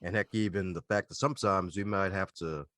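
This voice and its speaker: A man's voice: low-pitched, steady tone, brisk, fairly bright tone, dry recording. A man hosting a podcast, talking in an enthusiastic, slangy, hyped-up way. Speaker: podcast host. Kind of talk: casual interview chat.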